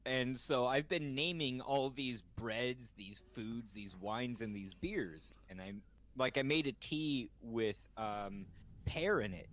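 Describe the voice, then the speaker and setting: A man's voice: mid-range voice, slow, fairly bright tone. A man hosting a casual chat, telling rambling stories with frequent laughter and swearing. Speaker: host.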